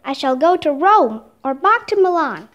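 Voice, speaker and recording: Moody male storybook genius, brooding, dramatic, higher register, done by a woman. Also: sing-song, moderate pace, fairly bright tone, lo-fi sound. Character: moody middle-aged male artistic genius.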